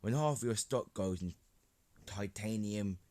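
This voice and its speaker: A man voicing a sharp, knowing teenage girl classmate in a fan story, with dry, matter-of-fact delivery. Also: on the low side, measured pace, lightly acted.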